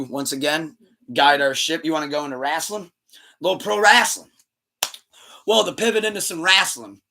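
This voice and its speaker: Male podcast host, tense bright tone, animated retelling, casual and profane. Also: on the high side. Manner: loose, rambling, swears freely; animated retelling with acted-out quotes. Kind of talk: casual chat.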